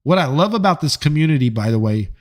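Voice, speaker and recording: A man hosting a live stream, chatting casually with viewers in a joking, profane and animated way. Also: on the high side, fast. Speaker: livestream host reading chat.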